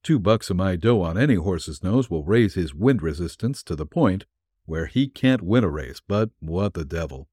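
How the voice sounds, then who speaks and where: A man's voice: low voice, lively intonation, normal speed, a little mellow, breathy edge, no echo, studio quality. A man reading a vintage pulp story aloud in a wry, hard-boiled first-person manner. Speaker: narrator.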